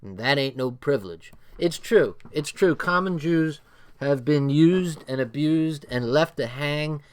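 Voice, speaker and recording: A man's voice: on the high side, measured pace. A man with a New Jersey accent reading a book aloud on a livestream and commenting bluntly, repeating phrases for emphasis.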